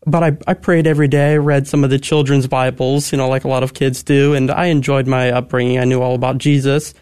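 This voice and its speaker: A man's voice: medium pitch, little pitch movement, a little fast, a little mellow, smooth, dry recording, clean studio sound. A young man, a guest on a radio interview, talking eagerly and articulately. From Texas. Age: 20s.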